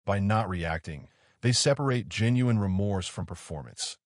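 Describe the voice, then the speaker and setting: A man giving scripted, measured narration explaining a police interrogation. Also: fairly low pitch, expressive, dry recording. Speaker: true crime commentator. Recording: dry close-mic voice-over.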